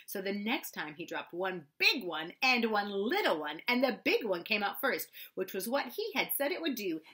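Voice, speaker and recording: A woman gently narrating a children's storybook aloud, with expressive storytelling. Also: mid-range voice. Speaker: audiobook reader.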